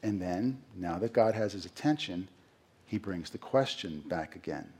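Man, middle-aged, pastor, sermon, husky voice, conversational, rhetorical questions. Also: deep voice, expressive, moderate pace, a little mellow. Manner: conversational preaching with rhetorical questions and acted-out quotes.

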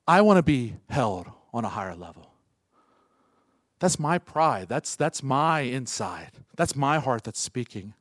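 A man preaching a sermon as pastor, firing rhetorical questions at the congregation and swinging from loud urgent peaks to soft hushed asides. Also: medium pitch, big pitch swings, measured pace, no room sound.

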